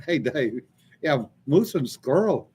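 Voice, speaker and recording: A man's voice: mid-range voice, very animated, slow pace, darkish tone, slight background noise. A man, co-hosting a casual live chat, telling stories and reading out viewer comments between laughs. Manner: storytelling, drawling, laughs often. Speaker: co-host.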